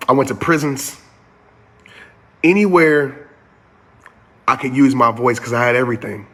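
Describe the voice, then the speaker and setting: A man's voice: medium pitch, unhurried, pauses often, fairly bright tone. A man giving a motivational talk in an earnest, preacher-like cadence with repeated phrases. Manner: addresses listeners as y'all. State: getting emotional. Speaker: motivational speaker.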